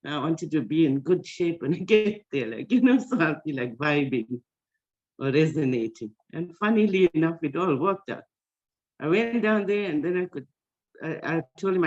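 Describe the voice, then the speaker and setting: A woman's voice: sits low, animated, normal speed, darkish tone. A woman sharing a personal story in a meeting, rambling with many fillers and restarts. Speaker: meeting participant. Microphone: video call. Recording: dull lo-fi call audio.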